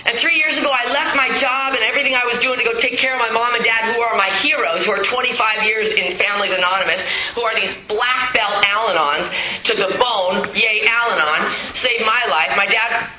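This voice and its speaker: A middle-aged woman giving a raw, blunt personal testimony at a recovery meeting, swearing freely and swinging between loud bursts and hushed lines. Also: a little high, brisk, roomy sound, highs cut off. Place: meeting hall.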